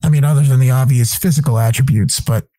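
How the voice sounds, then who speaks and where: Excitable, profane man with a dark voice. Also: mid-range voice, dry recording. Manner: profane, rambling storytelling; excitable, quick to laugh. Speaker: podcast guest. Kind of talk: casual chat.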